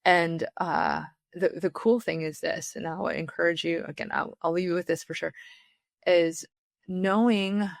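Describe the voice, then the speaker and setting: A woman's voice: lowish voice, fairly even intonation, unhurried, vocal fry, dry recording, clean studio sound. A middle-aged woman hosting a faith podcast, talking earnestly and encouragingly with fillers and restarts. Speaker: podcast host.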